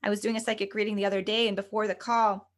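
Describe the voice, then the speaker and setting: Woman, medium and coach, podcast guest, earnest, chatty, mid pitch. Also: little pitch movement, rapid-fire. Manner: earnest, chatty, heavy use of "like" and "you know". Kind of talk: conversational podcast interview.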